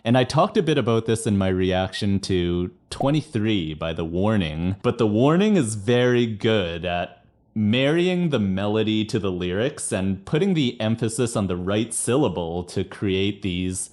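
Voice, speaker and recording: A man's voice: lowish voice, expressive, unhurried, darkish tone. A man reviewing a rock song and explaining singing in a casual, self-deprecating way. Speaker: rock singer reviewing songs. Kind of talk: music reaction commentary.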